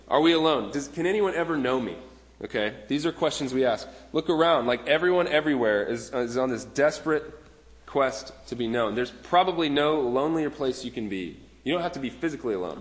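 Brief: male pastor in his thirties, mid-range voice, earnest conversational sermon, long hall reverb. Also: medium pitch. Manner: earnest, conversational preaching with repeated restarts.

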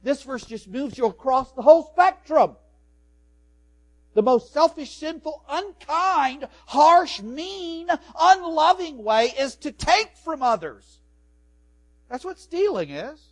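High-voiced man preaching a lively sermon. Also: measured pace. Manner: animated preaching, swings from soft to loud. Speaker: pastor and professor.

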